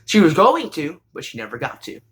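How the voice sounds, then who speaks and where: A man's voice: on the high side, wildly swooping pitch, a little fast, fairly bright tone. Rambling young man recapping an anime. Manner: rambling, hesitant with many fillers. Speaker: show host.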